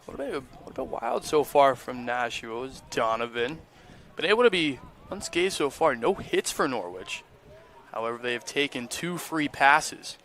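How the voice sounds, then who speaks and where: A man's voice: mid-range voice, sing-song, normal speed, a bit bright. Friendly male sideline baseball reporter. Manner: friendly, conversational, casual. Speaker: on-field reporter and color analyst. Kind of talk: sideline interview and game analysis.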